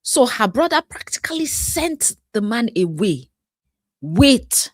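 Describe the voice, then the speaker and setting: A woman, a life coach giving reaction commentary on a viral video, animated, laughing often and acting out the people she quotes. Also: a little high, slow, some chatter behind.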